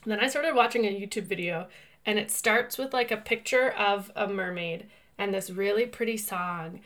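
A woman co-hosting a podcast in casual chat, telling stories in a rambling, animated way and often filling with "like.". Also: mid-range voice, normal speed. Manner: chatty and rambling, heavy use of "like"; animated storyteller who laughs through her telling. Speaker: podcast co-host.

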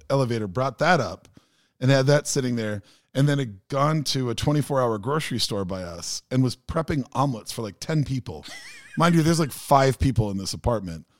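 Guy hosting a podcast, mid pitch voice, dry close sound, acts out everyone in his stories. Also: brisk, no echo. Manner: animated storyteller who acts out quoted people. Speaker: podcast host. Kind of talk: casual chat.

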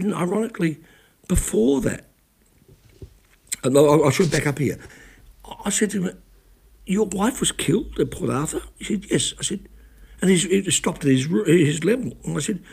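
A man's voice: on the high side, lively intonation, normal speed, creaky, long pauses, a little mellow, breathy edge. A man, a radio broadcaster, recounting events in a rambling, self-correcting way with blunt swearing. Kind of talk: casual spoken recollection.

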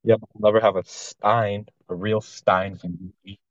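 A man on a casual chat podcast who cuts in with short, wry remarks. His voice sits a little low. It is recorded dry and slightly muffled. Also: level tone, no echo. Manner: wry, quick interjections. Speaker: podcast co-host.

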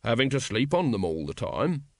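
Speaking at a normal pace in a mid-range, darkish voice with big pitch swings, a male narrator plays a pompous middle-aged self-styled expert on royalty. The character lectures about kings in a ponderous, knowing way. It's studio quality with a dry recording.

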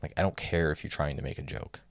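A man's voice: a bass voice, steady tone, fast, dry recording, studio quality. A young man telling stories in casual chat, exasperated and sardonic, swearing freely. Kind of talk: casual storytelling rant.

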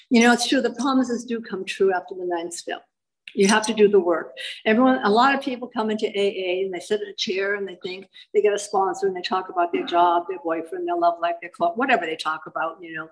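An older woman speaks at a recovery meeting, giving her personal testimony. She tells it in a lively, animated way, repeating key phrases for weight. Her voice sits at an ordinary middle pitch. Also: brisk, a little hiss or hum, low-quality recording.

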